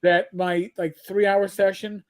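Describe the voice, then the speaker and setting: A man's voice: sits high, little pitch movement, unhurried, smooth. A man hosting a casual livestream, making dry joking asides and restarting his sentences. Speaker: stream host.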